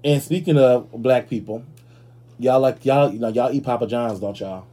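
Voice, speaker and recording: A man hosting a podcast in casual commentary, sassy and animated, swearing freely. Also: medium pitch, moderate pace. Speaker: podcast host.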